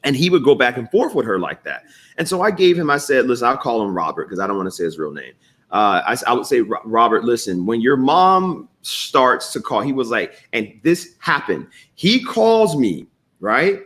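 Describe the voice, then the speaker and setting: A middle-aged man hosts a live morning talk show with a mid-range voice. He tells stories in an animated, unfiltered way, swears now and then, and reads viewer comments aloud between his points. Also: medium pitch, normal speed.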